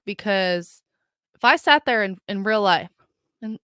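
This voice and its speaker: A woman's voice: mid-range voice, moderate pace, fairly bright tone, clean tone, no room sound, clean studio sound. A young adult woman hosting a podcast, talking casually to her listeners with frequent restarts and filler words. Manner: chatty, stumbling restarts, addresses listeners as guys. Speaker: podcast host. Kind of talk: casual solo podcast talk.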